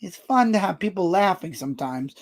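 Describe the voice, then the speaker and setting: Loud, jokey live-stream host, man. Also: sits high, fairly quick. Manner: loud, animated, jokey, answers chat comments aloud. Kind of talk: casual live-stream chat.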